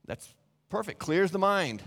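Male preacher, earnest teaching tone with frequent restarts, slightly high voice, reverberant room. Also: very animated, a little slow, a bit bright. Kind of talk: Bible teaching sermon.

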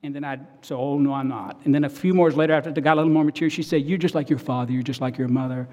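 A middle-aged married man preaching a sermon, telling stories earnestly and swinging between loud and soft. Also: on the high side, fairly even intonation, very fast, long reverb tail, dull audio. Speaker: pastor.

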